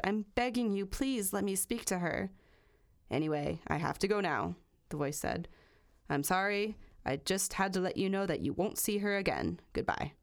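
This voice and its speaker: A woman's voice: fairly low pitch, creaky. A woman hosting a true crime podcast, reading a long passage aloud and then chatting casually, swearing freely. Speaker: podcast host.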